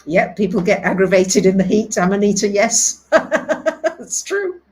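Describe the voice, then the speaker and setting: A woman hosting a live astrology talk, speaking, reading out viewers' comments and dropping soft and low for calm affirmations. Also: normal speed, low-quality recording. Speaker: astrology host.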